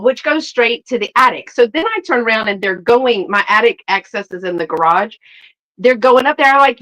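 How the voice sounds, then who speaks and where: A woman's voice: medium pitch, low-quality recording. A middle-aged woman hosts a live sale, telling a story in casual chat, acting out quotes with a laugh in her voice. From Southern United States. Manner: animated, acts out quotes, laughs often.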